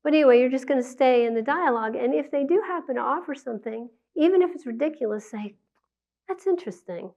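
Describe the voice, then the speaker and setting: A woman's voice: high-pitched, fast, hardly any pauses. A woman giving a conversational public talk on parenting, acting out quotes from parents and children. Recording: dull lo-fi sound.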